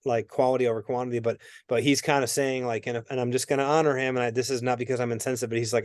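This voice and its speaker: A man working as a medium, giving a reading in a rambling, animated way that often interrupts itself. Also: mid-range voice, very fast, few pauses, no echo, clean studio sound. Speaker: psychic medium. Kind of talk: spirit reading conversation.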